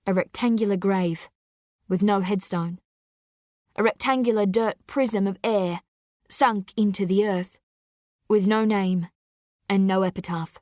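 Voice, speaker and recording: A woman narrates a dark story with intense, deliberate delivery. She takes her time, letting each short phrase land. The sound is dry and close, with no room around it. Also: mid-range voice, fairly even intonation, no echo.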